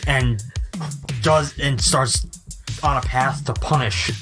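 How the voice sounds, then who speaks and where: A man's voice: mid-range voice, slow, music in the background. A man co-hosting a casual movie podcast from home, enthusiastic and emphatic, with some swearing. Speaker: podcast co-host. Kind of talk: casual chat. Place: home apartment.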